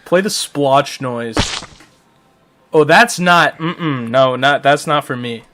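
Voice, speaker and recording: A man co-hosting a comedy gaming podcast, narrating a game's text with playful, mock-dramatic flair. His voice sits at an ordinary, middle pitch for a man. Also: slow pace, pushed and bright, slight background noise. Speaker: podcast co-host.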